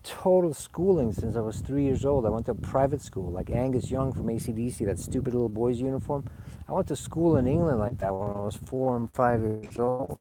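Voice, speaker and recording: A man's voice: medium pitch, animated, brisk, noisy background. A man from Sweden, slightly tipsy, talking in a rambling, confessional way outdoors in a garden, drifting from one story to the next. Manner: meandering, digressive, confessional. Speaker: spiritual vlogger. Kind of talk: rambling casual monologue. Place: outdoors in a garden under a fruit tree.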